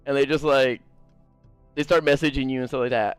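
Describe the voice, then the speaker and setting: A man streaming a game, telling a story in a casual, animated, swearing ramble and talking to his chat. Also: mid-range voice, clear, resonant tone, dry recording, soft background music. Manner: animated, profane, fast-rambling. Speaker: gaming streamer.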